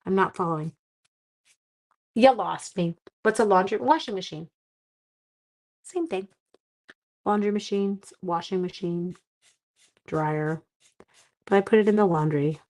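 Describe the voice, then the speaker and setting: A woman's voice: medium pitch, unhurried, pauses often, a little mellow. Chatty woman teaching a crafting livestream. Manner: chatty, rambling asides to viewers and her dog. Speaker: card-making instructor. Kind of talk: live-streamed crafting tutorial. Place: home craft room.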